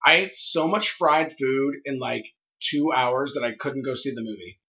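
Bright-voiced joking man, lo-fi audio. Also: medium pitch, moderate pace. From Missouri. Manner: crude, joking, riffs on mock ad disclaimers. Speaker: podcast co-host. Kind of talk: casual comedic chat. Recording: dull lo-fi podcast audio.

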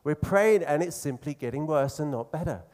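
A man preaching a sermon in an earnest, conversational way, slowing down to stress key phrases. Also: fairly high pitch, expressive, darkish tone.

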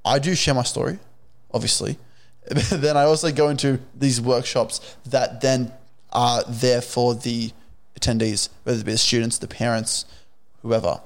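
A young man's gravelly voice as a guest on a podcast. He speaks earnestly about his work and stumbles and restarts as he searches for words. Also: medium pitch, fairly even intonation, moderate pace. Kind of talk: casual interview chat.

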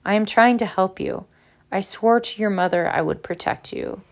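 A woman reading aloud as a cold, stern male professor, clipped and low. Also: moderate pace, close to an everyday voice.

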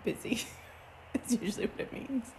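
A woman co-hosting a podcast in casual chat, quick with dry quips and giggles. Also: warm tone, slight background noise. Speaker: podcast co-host.

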